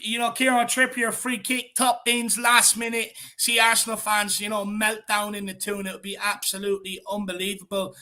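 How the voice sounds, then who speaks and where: A man hosting a casual livestream chat, reading out viewer messages with animated energy. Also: high voice, moderate pace, few pauses. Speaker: host of fan channel.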